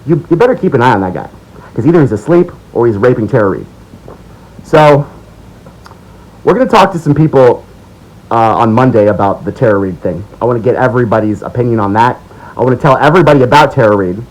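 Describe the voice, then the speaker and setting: An American man delivering an angry, sarcastic, profane political rant as the host of his own video monologue, swinging between low mutters and loud outbursts. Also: expressive, quick pace, rough recording. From United States. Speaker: political commentator.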